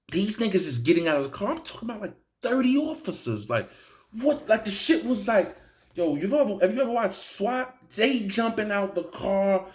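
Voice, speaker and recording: Man telling a wild street story, voice jumping all over, kinda high, cursing a lot. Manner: animated, profane street storytelling with acted-out quotes. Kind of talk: casual storytelling to camera.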